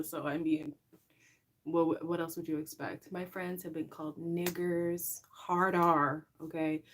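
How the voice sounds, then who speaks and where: Lively young woman chatting on a livestream. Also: on the low side, a little hiss or hum. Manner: animated, talks straight to viewers, laughs often. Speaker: livestream host. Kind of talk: casual livestream chat.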